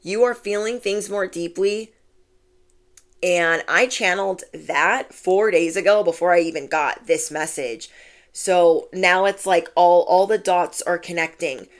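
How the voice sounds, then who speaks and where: An intuitive card reader gives a casual spiritual reading, chatty and affirming, saying "like" constantly. Her voice is lowish and her pace a little slow.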